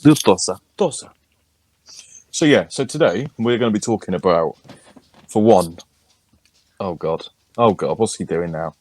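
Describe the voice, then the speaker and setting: A man's voice: lowish voice, unhurried, pauses often, a little mellow. A man, co-hosting a podcast in a casual, crude, joking chat. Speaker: podcast co-host.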